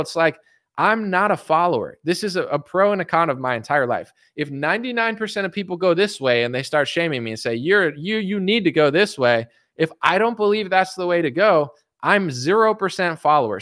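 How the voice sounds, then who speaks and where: A man hosting his own show, ranting casually about politics in a rambling, animated way, full of "like" and restarts. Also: a little high. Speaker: political commentary host. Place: home recording setup.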